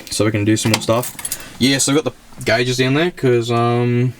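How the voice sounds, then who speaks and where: A man's voice: medium pitch, fairly even intonation, moderate pace, background noise. Rambling Australian young man in a car. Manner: rambling and chatty, loses words, laughs often. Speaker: car channel host. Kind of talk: casual car walkaround vlog. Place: inside a classic car. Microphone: handheld camera mic.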